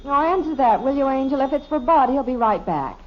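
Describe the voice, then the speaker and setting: A calm, patient mother speaks in a gentle, lively, fairly high voice. Her reassuring tone suits a 1950s radio sitcom. The recording is dull and muffled. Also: fairly quick, noisy background.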